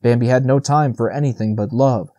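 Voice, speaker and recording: A man narrating a classic children's novel as an audiobook, steady and even. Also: mid-range voice, brisk, no room sound, dull audio. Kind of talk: scripted narration.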